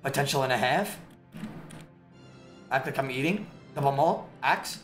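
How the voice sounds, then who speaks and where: A man streaming a game, giving excitable, slangy trash-talk commentary with sudden shouts. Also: medium pitch, normal speed. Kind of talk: live gameplay commentary. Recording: echoey room with clear background music. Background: background music.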